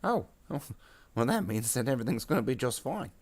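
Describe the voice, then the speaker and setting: A man's voice: medium pitch, sing-song, fairly quick, a little mellow, voice pushed up. A man voicing a timid little male grot servant, who answers nervously and stammers. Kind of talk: improvised comedy skit while painting.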